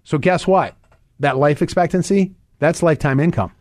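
A man hosting a financial advice radio show, talking fast and rambling, with many restarts and fillers. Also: fairly high pitch, a little mellow, no room sound, clean studio sound. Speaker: radio show host and investment advisor.

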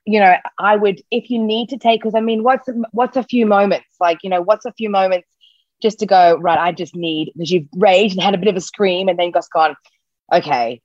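A woman's voice: mid-range voice, steady tone, normal speed, darkish tone, no room sound, dull audio. Brief: woman coach, reassuring and emphatic, dry close recording. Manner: reassuring, emphatic, repeats key phrases. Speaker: parenting coach. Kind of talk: casual podcast chat.

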